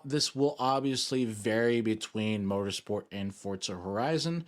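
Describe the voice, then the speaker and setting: A man chatting casually on a live stream while gaming, rambling and joking, often teasing himself. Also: medium pitch. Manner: rambling, self-mocking and jokey. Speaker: VTuber streamer.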